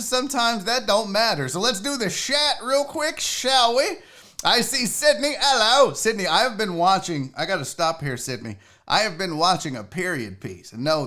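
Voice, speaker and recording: A man hosts a casual sports livestream, talking loosely with some swearing and greeting viewers in the chat by name. His voice sits high with a sharp tone.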